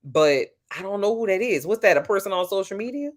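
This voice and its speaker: A woman's voice: mid-range voice, expressive, a little fast. Sassy Louisiana woman chatting with viewers. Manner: sassy, playful, talks straight to her viewers. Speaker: live streamer answering chat. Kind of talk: casual live-stream chat. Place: at home at night.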